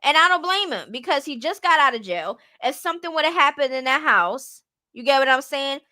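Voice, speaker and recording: A woman streamer gives casual reaction commentary in a high, bright voice. She talks bluntly and chattily and keeps checking that the listener follows her. Her close mic sounds dry, with no room to it. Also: lively intonation, fairly quick, no echo. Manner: blunt, chatty, keeps asking "you get what I'm saying".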